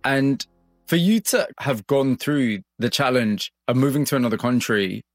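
A man hosting a broadcast interview, narrating a story and asking measured, empathetic questions. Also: medium pitch, animated, no echo, faint music behind. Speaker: radio host.

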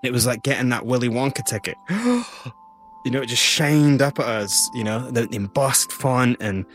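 A man with a Scottish accent, telling animated stories as an interview guest. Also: medium pitch, fairly quick, soft background music. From Scotland. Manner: animated, vivid storyteller. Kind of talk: storytelling interview.

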